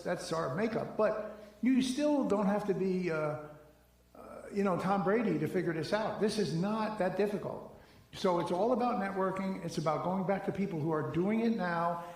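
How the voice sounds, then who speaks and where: A middle-aged man giving a conversational seminar talk, telling stories and acting out bits of dialogue. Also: high-pitched. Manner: animated storytelling, acts out dialogue. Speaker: seminar speaker. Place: large echoey church hall. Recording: echoey hall from far off.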